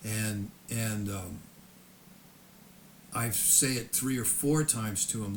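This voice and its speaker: This is an older man with a low voice telling his own story unscripted. He swears freely and often stammers and restarts his sentences. The telling is heated and blunt. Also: slow pace, long pauses, slight background noise. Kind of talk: unscripted personal storytelling monologue.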